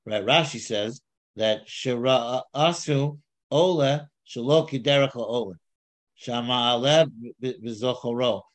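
A man teaching a text study, reading Hebrew lines aloud and paraphrasing them in a casual, halting way. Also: mid-range voice. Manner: halting, with many restarts and fillers. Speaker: Torah teacher.

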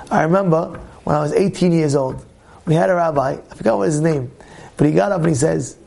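High, gravelly rabbi teaching Torah. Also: male voice. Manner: animated, acts out quoted voices, many quick restarts. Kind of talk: lively Torah class.

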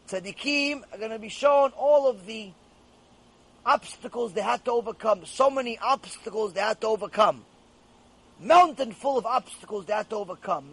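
A man's voice: high voice, a bit bright, husky, poor audio. A rabbi giving an emphatic Torah lecture and repeating his key phrases for emphasis.

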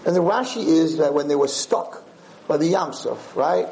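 A man teaching students an informal Torah class, mixing English with Hebrew and Yiddish terms, and climbing high in pitch when he voices God's words. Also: moderate pace, darkish tone, a little hiss or hum, rough recording. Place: room with students.

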